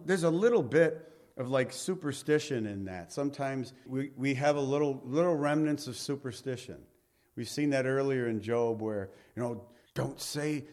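Male Bible teacher, mid-range voice, lively conversational sermon delivery with quiet, low closing lines. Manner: animated, reads scripture aloud then paraphrases it conversationally.

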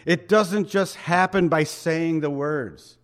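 A man's voice: fairly high pitch, slow. A man preaching a sermon in a conversational, emphatic way, asking the congregation rhetorical questions. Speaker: pastor.

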